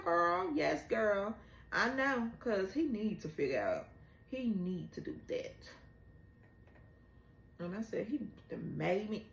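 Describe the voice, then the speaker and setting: Slow-talking emotional woman recapping a show. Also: mid-range voice, roomy sound. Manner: emotional, retelling scenes with rising exclamations. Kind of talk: casual episode recap.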